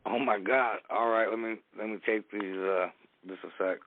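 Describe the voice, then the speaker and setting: A man's voice: on the low side, steady tone, moderate pace, narrow, tinny audio, a little hiss or hum. A man talking casually and reading poems aloud on an online radio show, emphatic and profane. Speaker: poetry reader on online radio. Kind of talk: casual chat and poetry reading.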